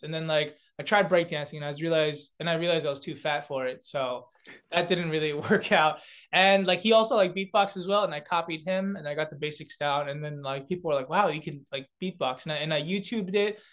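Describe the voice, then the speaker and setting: A man's voice: on the high side, fairly even intonation, fairly quick, fairly bright tone. A young man from South Korea, a comedian and beatboxer, chatting as a guest with lots of fillers, restarts and laughter. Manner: rambling, many filler words and restarts, laughs often. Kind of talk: casual interview chat.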